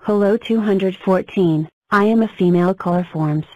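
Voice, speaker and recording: A woman voicing a cheerful talking number block in a cartoon, introducing itself in a flat, even way. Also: mid-range voice, normal speed, no echo, lo-fi sound, natural voice. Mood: plain.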